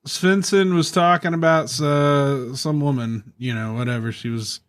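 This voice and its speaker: A man's voice: fairly high pitch, fairly even intonation, moderate pace, clear, resonant tone. A man on a podcast, recapping loosely and hesitantly in casual chat.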